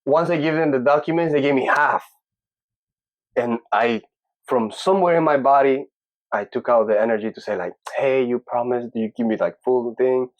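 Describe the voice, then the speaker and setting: A young man from Peru, a podcast guest telling a personal story in casual, animated talk, acting out the voices of people he quotes. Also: medium pitch, moderate pace, no room sound, lo-fi sound.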